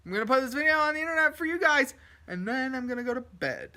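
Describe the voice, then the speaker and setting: A man's voice: very high voice, lively intonation, fast, pushed and bright. A tired male teacher hosting a casual family vlog, talking easily and laughing often. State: tired, exhausted. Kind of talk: casual chat to camera.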